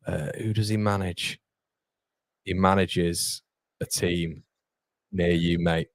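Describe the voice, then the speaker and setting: Chatty low-voiced man hosting a watchalong. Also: steady tone, slow, no room sound. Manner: chatty, laughs often, reads viewer comments aloud. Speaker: watchalong host. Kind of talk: live match commentary and chat reading.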